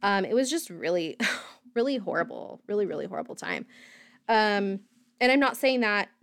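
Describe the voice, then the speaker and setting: A woman's voice: medium pitch, very animated, moderate pace, dry recording, studio quality. A young woman from Indiana hosting a podcast, telling her own story candidly and rambling with fillers and nervous laughs. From Indiana, USA. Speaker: podcast host.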